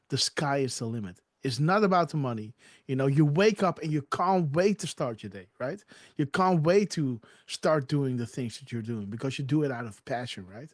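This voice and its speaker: A man's voice: fairly high pitch, no echo, studio quality. Upbeat man hosting a live stream. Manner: enthusiastic, keeps asking the audience "right?". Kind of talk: casual commentary on played clips.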